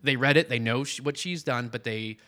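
A man chatting casually about a comic book. He rambles and loops back with fillers, slipping into quick acted quotes of the characters. His pitch sits in an ordinary middle range. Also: bright, forceful tone. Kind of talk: casual chat recapping a comic.

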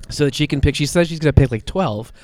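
A man's voice: a little high, fast talker, a little mellow. A man with a slight cold, co-hosting a comic book podcast and retelling a story in casual chat, rambling with lots of fillers and restarts.

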